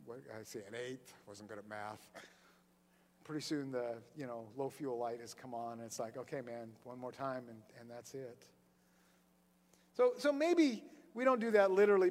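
A man's voice: fairly high pitch, long reverb tail. A man preaching a sermon as pastor, telling stories loosely and often repeating and restarting words.

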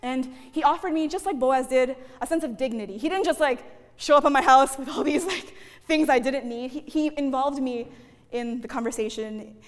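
A woman's voice: high voice, normal speed, long reverb tail. A woman giving a sermon in a chatty, conversational way, often checking in with "okay?" and addressing the room as guys. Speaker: preacher. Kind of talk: sermon with personal story.

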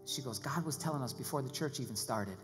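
A man preaches in a large church hall, and his voice carries a long reverb. Music plays clearly beneath him as he swings between loud, excited preaching and hushed prayer. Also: mid-range voice, fast. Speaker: pastor. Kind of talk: sermon. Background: music playing.

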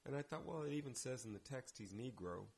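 A man's voice: mid-range voice, animated, quick pace, gravelly, a little mellow. A man, a theater director guest on a podcast, telling anecdotes in casual chat and acting out the lines he quotes.

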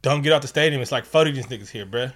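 A man with a mid-range voice talking through a film recap with a friend. He talks in animated, profane bursts and jumps into the characters' lines. His pitch and loudness swing a lot from line to line. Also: rapid-fire. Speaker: podcast co-host. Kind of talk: casual movie recap chat.

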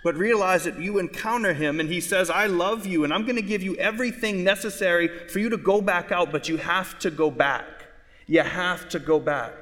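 A man preaching a homily in a big church, his voice on the higher side for a man. He presses the congregation with question after question. A long reverb hangs after each phrase. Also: sharp tone. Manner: preaching with repeated rhetorical questions. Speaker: priest. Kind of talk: sermon. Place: large church. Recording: echoey church hall.

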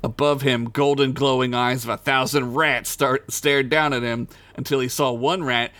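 A man's voice: mid-range voice, steady tone, moderate pace, fairly bright tone, dry recording. Man reading a crude comic story. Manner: crude jokey reading, breaks into laughter. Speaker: podcast co-host reading his own comic story.

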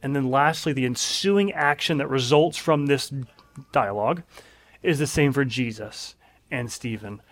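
A man's voice: medium pitch, a little slow. A man preaching a sermon in an earnest, emphatic way, leaning on repeated phrases.

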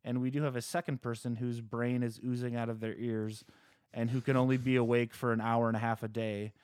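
A man's voice: medium pitch, little pitch movement, brisk, darkish tone, clean tone, no room sound, studio quality. A man co-hosting a podcast, talking in a sarcastic, angry, casual way. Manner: sarcastic, angry political ranting. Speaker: podcast co-host. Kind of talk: casual chat.

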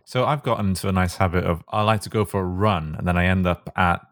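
A man's voice: low-pitched, fairly even intonation, fast. A man co-hosting a comedy podcast, making dry, sardonic quips in casual chat. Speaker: podcast co-host.

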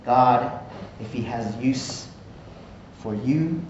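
A man's voice: medium pitch, drawn-out words, a little mellow, slight background noise. A man preaching a conversational sermon, often checking in with "right?". He is recorded from far off in an echoey church hall with dull sound. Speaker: pastor.

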